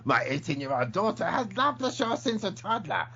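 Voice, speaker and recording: Bloke putting on a silly accent reading out a note, high and bouncy, dull audio. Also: male voice, sing-song, normal speed, pushed and bright, full character voice. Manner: reads a letter aloud in an exaggerated put-on accent.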